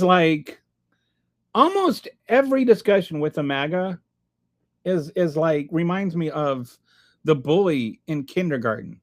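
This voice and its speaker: A man with a high-pitched voice talking on a live stream, reading chat comments and answering with sarcastic, rambling commentary. He stumbles and restarts often. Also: sing-song, a little slow.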